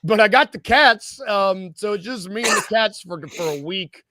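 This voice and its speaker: A man's voice: sits high, pushed and bright, no echo. A man co-hosting a casual sports podcast, rambling and joking at his own expense. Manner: rambling, self-deprecating, quick jokes. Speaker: podcast co-host.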